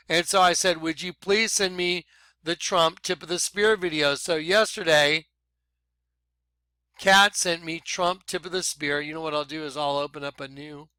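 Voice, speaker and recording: A man vlogging excited commentary over videos he plays, talking emphatically and apologizing for rushing ahead. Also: on the high side, clean tone, no echo. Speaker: video blogger.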